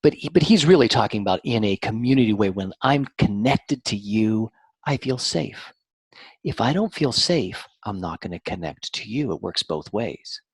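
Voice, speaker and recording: A man speaking as a therapist guest, explaining in an animated, teacherly way and shifting his intonation on purpose. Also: on the low side, moderate pace, slightly rough, no room sound. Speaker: mind-body therapist guest. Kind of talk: explanatory interview talk.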